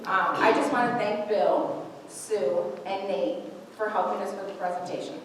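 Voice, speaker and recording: A woman's voice: mid-range voice, steady tone, normal speed. A woman in her forties giving an emotional personal testimony at a church service, heartfelt and laughing through tears. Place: church sanctuary. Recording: echoey church hall, distant mic, noisy.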